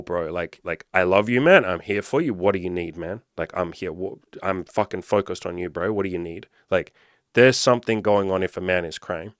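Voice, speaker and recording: A young man with a fairly low voice talks through relationship lessons in a loose, casual monologue. He is blunt, swears freely and leans on "like" constantly. The sound is close and dry, with no room around it. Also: fairly bright tone, dry recording. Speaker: coach.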